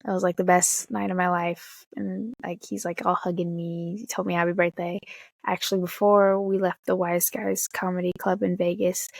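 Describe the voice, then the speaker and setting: A young woman casually telling an excited, swear-filled story, jumping high in pitch when she quotes herself. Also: vocal fry, dry recording. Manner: excited, swearing, talks fast with big pitch jumps when quoting. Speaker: vlogger.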